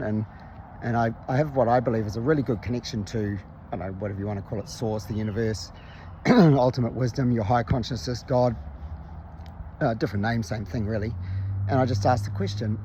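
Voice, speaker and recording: A man's voice: medium pitch, a little fast, mellow, a little hiss or hum. A man candidly telling a personal story in a conversational, self-reflective way, recorded outdoors. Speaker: vlogger.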